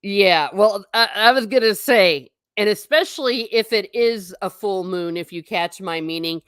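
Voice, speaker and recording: A woman's voice: medium pitch, unhurried, a bit bright, smooth, dry recording, studio quality. A woman vlogger chatting casually with her viewers, giggly and self-mocking. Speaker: travel vlogger reading live chat. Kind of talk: casual live-stream chat.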